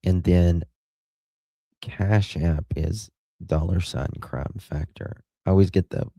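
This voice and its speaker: On a dull, echo-free recording, a deep, creaky, warm voice drawls slowly as this American livestream host reads viewer comments. He's casual and affectionate with his audience, laughing a lot and thanking viewers by name.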